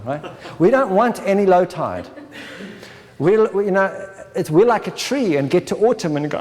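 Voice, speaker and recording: A man's voice: high-pitched, animated, normal speed, darkish tone. A man giving a spiritual workshop talk, often checking in with "right?" and acting out inner voices in short asides. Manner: checks in with listeners with a constant "right?". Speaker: workshop presenter. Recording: lecture hall with long reverb.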